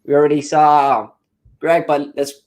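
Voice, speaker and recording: Give me an eager, rambling online host. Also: male voice, on the high side, little pitch movement, unhurried, a little mellow. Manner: eager and rambling, with many fillers and restarts. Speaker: webinar host. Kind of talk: casual live-stream hosting.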